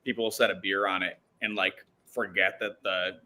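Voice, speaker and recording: A man guest on a podcast with a lowish voice that still rings bright. He talks in a laid-back way, joking and leaning on fillers. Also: level tone, normal speed. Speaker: brewery guest. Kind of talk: casual podcast chat.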